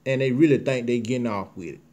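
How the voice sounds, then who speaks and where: An impassioned man hosting his own show, speaking. He preaches and repeats himself, his voice heavy with emotion, in a mid-pitched tone. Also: quick pace, warm tone. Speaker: host. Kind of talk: emotional commentary monologue.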